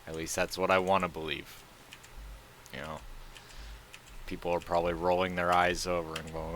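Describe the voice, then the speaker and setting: A man's voice: deep voice, flat delivery, normal speed, pauses often, fairly bright tone, a little hiss or hum. A man chatting casually as a live streamer, jokey and rambling, often breaking into laughter.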